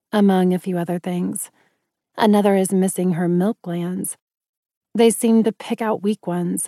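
A woman narrating first-person fiction in an audiobook, steady and even. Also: medium pitch, dry recording, studio quality.

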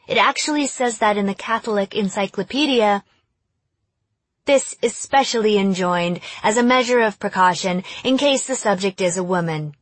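A woman's voice: mid-range voice, no echo, close to an everyday voice. A woman voicing a mocking teenage girl who acts possessed and fires sly questions. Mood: taunting. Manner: taunting, sly, rapid questioning.

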